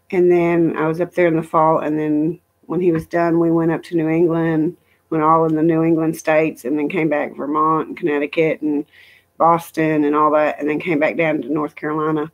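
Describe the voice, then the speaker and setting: A woman's voice: low voice, little pitch movement, moderate pace. A middle-aged woman chatting casually on a live stream from home, rambling through travel stories and reading viewer comments aloud. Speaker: livestream host.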